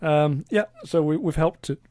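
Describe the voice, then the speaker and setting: A man's voice: fairly high pitch, moderate pace, a little mellow, no room sound. A man with a Yorkshire accent co-hosting a podcast, explaining things in an easygoing way with frequent fillers. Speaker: podcast co-host. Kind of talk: casual chat.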